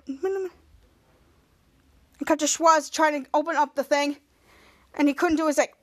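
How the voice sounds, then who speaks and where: A woman's voice: high voice, fairly even intonation. A woman hosting a podcast, recapping a TV episode scene by scene in a rambling, casual way and popping into the characters' lines. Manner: retells scenes with quick quoted voices, rambling restarts. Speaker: podcast host.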